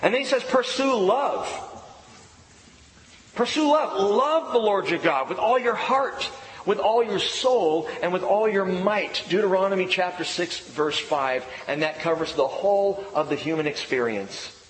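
A man's voice: high-pitched, animated, measured pace, slight background noise. A middle-aged man preaching a sermon as pastor, emphatic and repeating key phrases. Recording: echoey hall with faint ambience.

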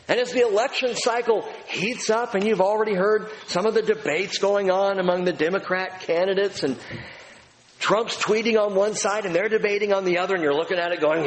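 A man preaching a sermon as pastor to a large auditorium, emphatic, with slow stressed phrases that rise as he builds. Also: high voice, big-room sound, low-quality recording.

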